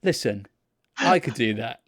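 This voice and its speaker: A young man, co-hosting a podcast and telling a sweary, animated story about people he met. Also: mid-range voice, a little slow, no room sound, clean studio sound. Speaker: podcast co-host. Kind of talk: casual storytelling chat.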